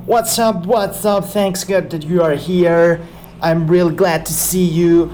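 A speaker imitating a loud, fired-up motivational speaker who rallies the listener with slogans. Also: mid-range voice, steady tone, slow, a little hiss or hum, pitched above the performer's own voice, natural voice. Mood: hyped. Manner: shouty, hyped, repeating slogans.

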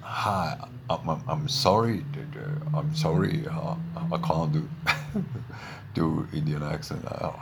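A man's voice: a bass voice, takes it slowly, vocal fry, very noisy, heavily acted. A man voicing a lonely, stammering young man in his twenties who pleads for someone to talk to. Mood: pleading.

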